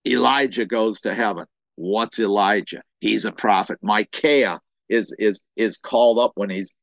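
Low-voiced man preaching, dry sound. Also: no echo, rough recording. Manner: conversational, repeats words, acts out quotes with sarcasm. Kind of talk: sermon teaching.

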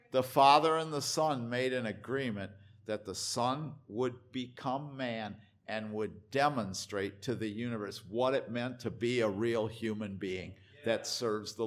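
An older man preaching a sermon as pastor in a church, emphatic and repetitive, swinging between loud stresses and hushed asides. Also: medium pitch.

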